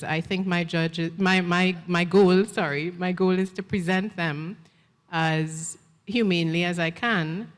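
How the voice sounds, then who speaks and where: Trinidadian woman author, low voice, hall echo. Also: a bit bright. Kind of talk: book reading and panel talk. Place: festival stage. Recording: long hall reverb.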